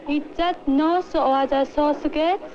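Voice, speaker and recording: A woman with a Japanese accent playing a traveler at an airport, speaking halting, careful English in a scripted scene. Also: high-pitched, fairly even intonation. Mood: hesitant. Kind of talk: scripted dialogue in an old educational film. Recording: dull, hissy old film soundtrack.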